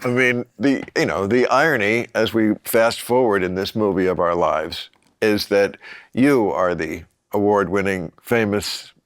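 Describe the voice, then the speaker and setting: A man's voice: lowish voice, unhurried, smooth, no room sound. A man in his sixties hosting a chat podcast, talking casually and teasing his guest in a wry way. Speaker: podcast host.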